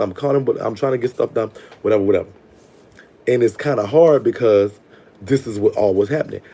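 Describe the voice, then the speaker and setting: A man's voice: medium pitch, dark tone, husky. A man telling a long story in a sassy, digressive, profane way. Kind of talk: casual storytime monologue.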